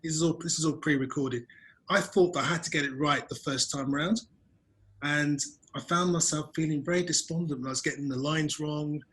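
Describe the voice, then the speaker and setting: A man's voice: a little high, fairly even intonation, a little fast, fairly bright tone, poor audio. A man hosting a video-call webinar interview, telling casual self-deprecating stories about his early days on camera. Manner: chatty, self-deprecating storyteller. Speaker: webinar host.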